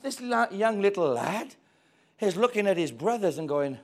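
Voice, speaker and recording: Animated preacher, lively pitch. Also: male voice, moderate pace. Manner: animated storytelling, acting out voices with big swings from quiet to loud. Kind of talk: sermon.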